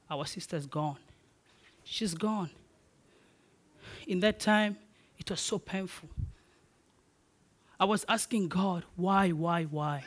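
Preacher, sermon, slow delivery, emphatic, repeats phrases, personal stories. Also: medium pitch. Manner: emphatic, repeating key phrases, rising to loud declarations; personal storytelling.

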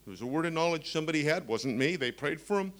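A man in his sixties preaching a sermon, telling stories with humorous asides and animated emphasis. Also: fairly high pitch, fast talker.

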